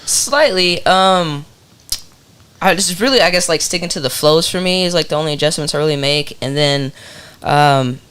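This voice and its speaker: A man, a rapper guest, talking in a laid-back, soft-spoken way on a podcast and laughing often. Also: a little high, normal speed, clean tone. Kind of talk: casual podcast chat.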